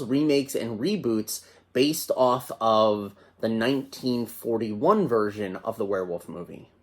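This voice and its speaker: A man hosts a casual movie review and talks in an enthusiastic, conversational way. His voice sits at an ordinary middle pitch. He comes across as chatty and eager.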